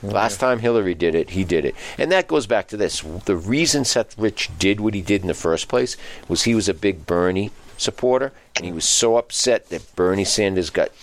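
A man in casual talk-show chat with a lowish voice that moves around a lot in pitch. He sounds opinionated and emphatic and hammers his points home by repeating them. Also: expressive, normal speed. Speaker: co-host. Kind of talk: casual political chat and joke telling.

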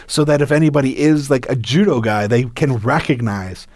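A man in casual chat, explaining details in a measured way, his phrases often fading off quietly at the end. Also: mid-range voice, no echo.

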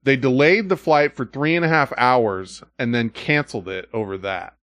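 A podcast host with a medium-pitched, fairly bright voice tells stories in a casual, profane style, acting out other people's lines. He speaks at normal speed on a dry, studio-quality recording.

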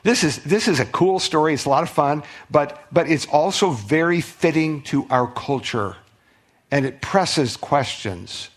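A middle-aged male pastor preaching a sermon, telling a story with conversational restarts, swinging from loud outbursts to hushed asides. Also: fairly high pitch, lively intonation, measured pace. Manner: conversational, repeats words and restarts.

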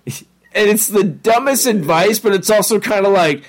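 Man, podcast co-host, slightly high voice, rambling, swears freely, eager. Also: normal speed. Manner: rambling, profane, enthusiastic. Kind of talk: casual chat.

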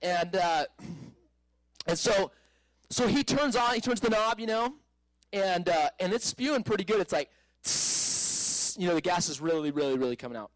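A man telling a personal testimony in a casual storytelling way, animated, laughing often, with many fillers and restarts. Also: high-pitched, moderate pace, dry recording, rough recording.

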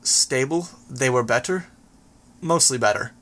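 A man's voice: medium pitch, a little slow, a bit bright. A man voicing a local male medic who talks in short, clipped replies, in an audiobook reading. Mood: terse.

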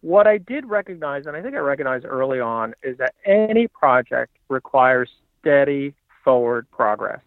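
A man's voice: medium pitch, very animated, normal speed, no room sound. A man telling his story as a podcast guest, earnest and reflective, often restarting his sentences. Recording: tinny phone-line audio.

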